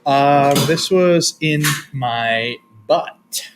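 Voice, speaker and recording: A man's voice: fairly high pitch, extremely slow, background noise. A middle-aged man co-hosting a casual talk show, telling loose, profane stories and laughing along. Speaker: co-host. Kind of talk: crude comedic casual chat.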